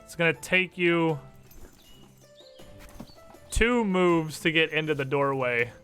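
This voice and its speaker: A man's voice: on the high side, slow, sharp tone, faint music behind. A man running a tabletop game as game master, narrating loosely with frequent laughs and swearing.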